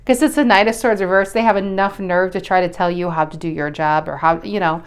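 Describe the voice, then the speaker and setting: A tarot reader gives a casual reading to camera in a smooth, medium-pitched voice, fairly quick with few pauses. She's blunt and chatty, swears now and then, and often restarts her sentences.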